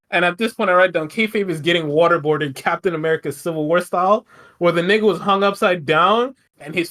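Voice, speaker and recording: A man's voice: high voice, a bit bright. Profane, rambling male podcast host. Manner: profane, rambling, laughs often. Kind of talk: casual wrestling recap chat.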